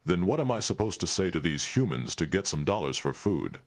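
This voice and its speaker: A man's voice: deep voice, big pitch swings, brisk, darkish tone, full character voice. A man playing a stranded male Klingon alien who speaks stiffly and formally, without contractions, in a tabletop role-play. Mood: earnest. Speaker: player.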